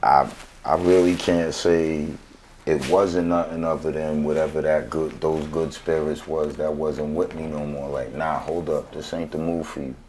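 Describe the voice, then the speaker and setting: A man's voice: very deep voice, flat delivery, moderate pace, a crowd in the background. A man tells his story as a guest in a casual interview. He talks in laid-back street slang and keeps checking in with "right?". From New York.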